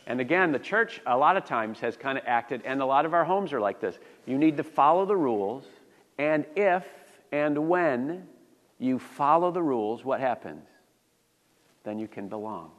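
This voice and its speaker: A man's voice: mid-range voice, lively intonation, moderate pace, fairly bright tone. A man preaching a sermon to his congregation in a conversational style, asking his listeners questions as he goes. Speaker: pastor. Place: church sanctuary. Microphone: handheld or stand mic. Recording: long reverb of a church hall.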